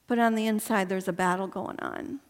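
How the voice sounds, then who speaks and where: A woman's voice: medium pitch, fairly even intonation, a little fast. A woman giving a personal faith testimony to a women's gathering, chatty and earnest and laughing often. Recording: long hall reverb.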